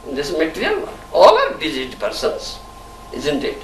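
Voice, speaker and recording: A man's voice: fairly high pitch, huge pitch swings, brisk, fairly bright tone. A man gives a devotional lecture, often chuckling and asking "you understand?". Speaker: spiritual teacher. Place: temple hall. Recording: echoey hall, distant mic, faint hiss.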